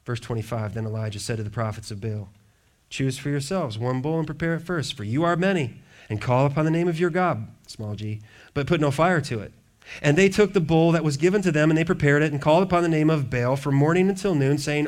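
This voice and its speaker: A man preaching a sermon, reading scripture aloud and breaking off into joking asides, swinging from hushed to loud. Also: a little high, fast talker. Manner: reads scripture then riffs with humor and asides. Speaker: pastor.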